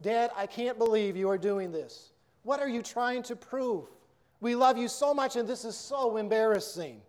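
A man's voice: very high voice, moderate pace, a little mellow. A man voicing a hurt, angry teenage daughter, sobbing and accusing.

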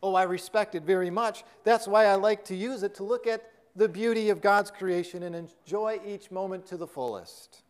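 Man doing a calm old farmer dad, gentle, soft-spoken, fairly high voice, sermon story. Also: moderate pace, few pauses, clean tone, natural voice.

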